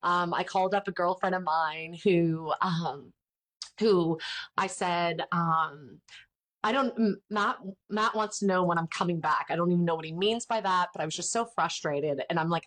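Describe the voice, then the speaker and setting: A woman's voice: medium pitch, moderate pace. A woman in her thirties, a podcast host, talking candidly and chattily in an interview, acting out the people in her stories. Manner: chatty, candid, animated retelling with voiced quotes. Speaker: podcast host and ministry founder. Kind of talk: casual interview chat.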